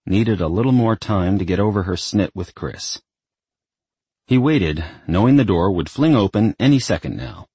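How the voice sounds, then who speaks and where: A man narrating a novel as an audiobook in an expressive storytelling manner. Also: fairly low pitch, normal speed, breathy edge, dry recording.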